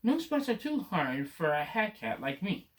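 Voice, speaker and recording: A man's voice: sits high, big pitch swings, moderate pace. A man reading aloud and voicing a cheeky, boastful cat with a gleeful manner. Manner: gleeful and confident.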